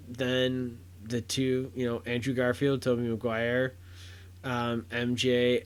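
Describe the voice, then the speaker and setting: Slow, rambling man reviewing a film. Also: mid-range voice. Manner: rambling, many fillers and restarts; gets loud and excited at big moments. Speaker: podcast host reviewing a film. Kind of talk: casual spoken review.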